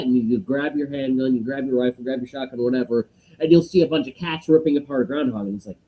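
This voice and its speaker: A man's voice: medium pitch, fast talker, vocal fry, muffled recording. A man co-hosting a podcast in casual chat, telling rambling stories, swearing and acting out voices. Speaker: podcast co-host.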